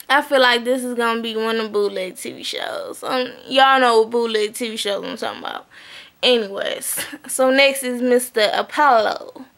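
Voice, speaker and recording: High bright-voiced woman, blunt and chatty. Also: moderate pace. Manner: blunt, profane, chatty, often asks "okay?". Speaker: vlogger recapping a reality TV episode. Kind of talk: casual recap chat.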